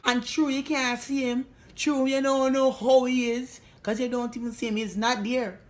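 A woman's voice: high-pitched, level tone, moderate pace, lightly acted. A woman playing a brash, sassy woman with a Jamaican accent who gives a bossy, emphatic mock lesson in a comedy sketch. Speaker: mock language teacher.

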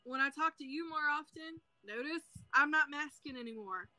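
A woman's voice: high voice, moderate pace, pushed and bright, rough recording. A woman in her thirties with a Southern US accent, chatting bluntly and casually on a livestream while crocheting. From South Carolina, US. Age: 30s. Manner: blunt, frank, swears freely. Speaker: livestream host.

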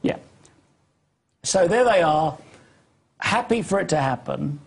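Husky man pressing interview questions. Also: a little high, expressive, slow pace. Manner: persistent, apologetic questioning.

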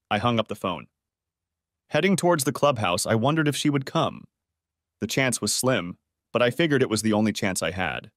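A man narrating a dramatic first-person story in an expressive way, close to the mic. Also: mid-range voice, moderate pace, no echo.

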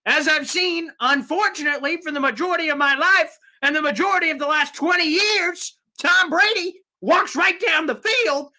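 Bright-voiced, fired-up sports fan host. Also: male voice, lively intonation, moderate pace. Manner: fired-up and exasperated, swings between loud rants and low mutters. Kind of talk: live fan reaction show.

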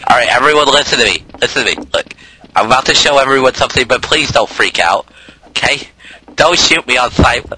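A man's voice: medium pitch, lively intonation, a little fast, sharp tone. A young man in casual game voice chat, bossing his friends around and telling them to listen. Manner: bossy, urging everyone to listen. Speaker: gamer in group voice chat. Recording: noisy voice-chat mic.

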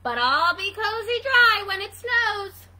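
A woman voicing a proud, stubborn little male hedgehog in a children's read-aloud, insisting loudly. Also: extremely high pitch, big pitch swings, takes it slowly, voice pushed up, exaggerated voice. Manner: insistent, raises voice.

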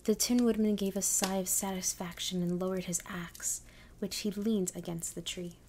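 A woman reads a storybook as whispered role-play ASMR, her voice mostly an unvoiced whisper. She keeps an even, unhurried pace. A faint hiss sits behind her. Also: mid-range voice. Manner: soft-spoken, unhurried reading.

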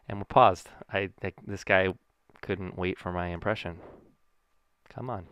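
A man's voice: low-pitched, fairly even intonation, a little slow, a bit bright, no echo. A young man casually commentating his own baseball video game play, goofy and rambling with jokey asides. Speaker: gaming YouTuber.

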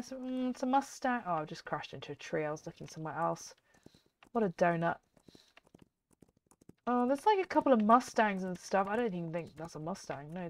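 A woman giving chatty, excitable let's-play commentary as a gaming YouTuber, often giggling. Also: fairly high pitch.

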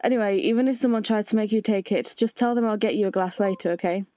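A woman's voice: medium pitch, fast talker, mellow, dry recording, natural voice. A woman reading aloud the chat lines of an anxious, self-blaming young man who pleads not to be left. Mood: pleading. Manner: pleading, apologetic.

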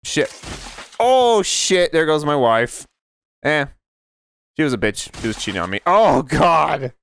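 Panicky swearing gamer with squealing yelps. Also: male voice, on the high side, very animated, a little slow, a bit bright, smooth, no echo. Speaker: gaming video creator. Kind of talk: let's play commentary.

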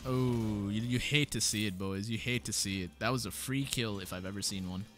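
A man's voice: lowish voice, normal speed, fairly bright tone, soft background music. A man giving live gameplay commentary as a streamer, slangy and casual, calling his viewers boys and bro and repeating his own phrases. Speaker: gaming streamer.

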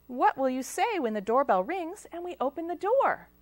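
A woman voicing a gentle, patient mother soothing her hungry daughter in a storybook read-aloud. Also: high voice, sing-song, normal speed, no echo, pitched above the performer's own voice.

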